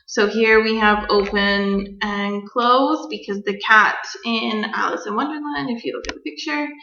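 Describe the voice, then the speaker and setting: A young woman teacher giving a recorded grammar lesson, explaining clearly and patiently to children. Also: mid-range voice, unhurried, sharp tone, a little hiss or hum. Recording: dull echoey room recording.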